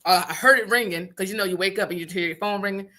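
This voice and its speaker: A woman co-hosting a radio show, telling a story in casual chat, animated and swearing, laughing often and acting out what people said. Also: mid-range voice, fast. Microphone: studio microphone.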